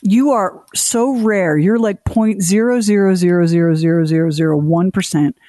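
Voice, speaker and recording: A woman's voice: lowish voice, moderate pace, dark tone, dry recording. A woman co-hosting a radio show, telling funny stories in a chatty way and acting out the quotes. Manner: chatty, comedic storytelling with put-on quotes. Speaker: co-host. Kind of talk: casual radio chat.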